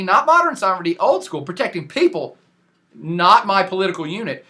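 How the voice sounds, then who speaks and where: Brisk and high-voiced, a man delivers a casual professorial podcast lecture on global affairs. He's animated, slangy, and emphatic, repeatedly restarting what he's saying.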